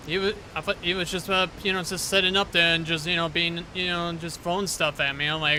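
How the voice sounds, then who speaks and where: A man's voice: high voice, moderate pace, bright, forceful tone, a little hiss or hum. A man streaming a horror game, chatting casually with his viewers in a rambling way. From Detroit, Michigan. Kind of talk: casual gameplay commentary.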